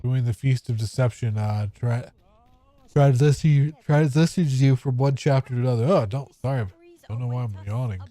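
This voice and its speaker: A mellow-voiced man chatting over gameplay. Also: mid-range voice, moderate pace. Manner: rambling, offhand and profane. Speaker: gamer. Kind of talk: casual gameplay commentary.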